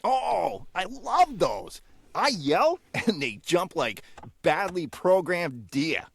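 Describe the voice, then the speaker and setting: A man voicing a loud, boastful male blue jay with a New England accent. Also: sits high, sing-song, takes it slowly, creaky, pitched above the performer's own voice, exaggerated voice. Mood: cocky.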